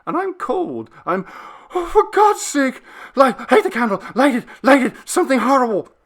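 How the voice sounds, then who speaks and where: A man voicing a terrified man who pleads for light in the dark, his voice cracking and shrill. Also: very animated, normal speed, full character voice. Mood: panicked.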